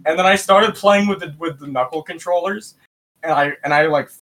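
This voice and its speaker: A man from West Michigan, a podcast guest telling a story in a lively, profane way and acting out the voices of people he quotes. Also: on the high side, a little fast. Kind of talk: casual storytelling.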